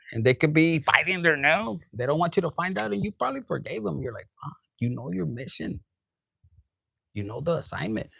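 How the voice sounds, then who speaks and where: A man giving a tarot reading, his voice sitting a little high and full of gravelly fry. He swears freely and switches between English and Spanish. The sound is dry and close. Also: no echo. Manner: profane, animated, switches into Spanish. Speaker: tarot reader.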